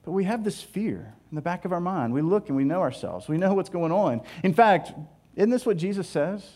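High-voiced animated preacher man. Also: a little fast. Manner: animated, playful storytelling with mock dialogue. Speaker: pastor. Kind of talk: sermon.

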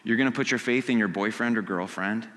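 Man, pastor, conversational sermon, hushed to loud, crisp bright tone, long hall reverb. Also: on the low side, fairly quick. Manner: conversational preaching, acts out quotes, builds from hushed to loud. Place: church sanctuary.

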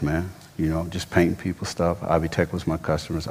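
Deep-voiced pastor preaching in a hall. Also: male voice, normal speed, husky. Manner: casual, animated storytelling with slangy asides. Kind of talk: sermon storytelling.

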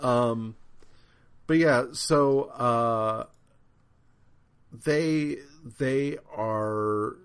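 A man's voice: medium pitch, extremely slow, long pauses, clear, resonant tone. A man co-hosting a podcast, rambling through a comic book recap in casual, profane chat with lots of fillers. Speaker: podcast co-host.

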